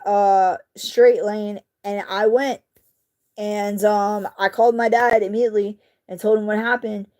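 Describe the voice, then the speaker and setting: A woman, casually telling a story to her viewers while crafting, animated and indignant, with mild swearing. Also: mid-range voice. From southeastern United States. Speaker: vlogger.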